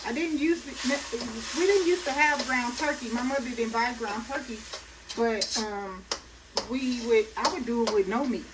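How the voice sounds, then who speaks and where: A fairly high-voiced woman chats and laughs her way through a home cooking demo. She sounds set back from the mic, and loud frying and sizzling runs under her voice. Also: measured pace, far from the mic, noisy background. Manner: chatty, folksy, talks while cooking, laughs often. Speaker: cooking channel host. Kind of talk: casual cooking demonstration. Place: home kitchen at a hot stove.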